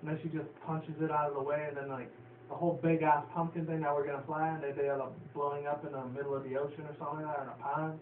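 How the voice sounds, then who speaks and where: Man, reviewer, casual rambling episode recap, slightly high voice, roomy and far from a phone-like mic. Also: level tone, racing. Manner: rambling, filler-heavy, swears casually. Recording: distant, roomy, phone-like, faint hiss.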